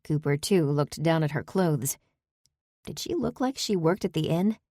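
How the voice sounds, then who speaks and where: Low mellow woman reading a novel aloud, dry close sound. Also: expressive, measured pace, no room sound. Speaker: audiobook narrator. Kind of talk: scripted narration.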